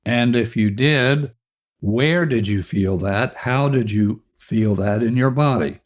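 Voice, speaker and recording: A middle-aged man hosting a podcast, calmly guiding listeners through a self-help exercise. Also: medium pitch. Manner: slow, calm, instructive, speaking directly to the listener. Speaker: podcast host.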